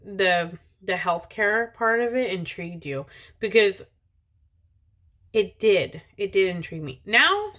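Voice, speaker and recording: A woman in her thirties, mother to two kids, chats casually into the camera while sitting in the driver's seat. Her medium-pitched voice is fairly bright and a little slow, and her talk meanders with fillers and restarts.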